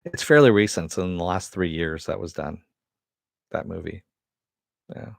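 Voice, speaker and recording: A man's voice: deep voice, takes it slowly, creaky, long pauses, no room sound, studio quality. A man hosting a casual live-stream chat, answering viewers and swearing now and then. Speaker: host.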